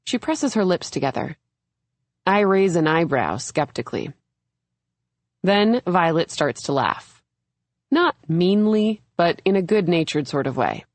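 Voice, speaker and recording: Female audiobook narrator, young adult: low voice, unhurried, measured first-person delivery. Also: no room sound. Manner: measured, even storytelling.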